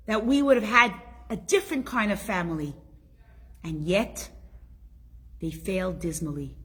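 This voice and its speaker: A woman's voice: fairly low pitch, breathy edge. A middle-aged woman teaching a Torah class, telling stories emphatically and asking the listeners rhetorical questions. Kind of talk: spoken Torah lesson.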